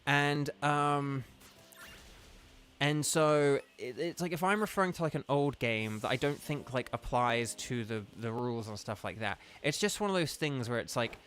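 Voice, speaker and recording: On a game live stream, a man chats casually in a medium-pitched, somewhat bright voice at a moderate pace. He sounds animated and rambles from tangent to tangent, packing his speech with "like."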